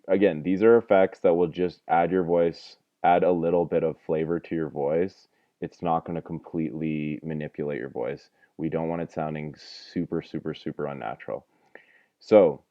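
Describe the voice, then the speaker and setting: A deep-voiced young man walks viewers through an audio lesson in a loose, chatty way, joking at his own expense and wandering with fillers. The sound is dry and narrow, like a phone line. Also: dry recording. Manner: chatty and self-deprecating, rambling with fillers. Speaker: audio teacher. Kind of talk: casual screen-recorded tutorial.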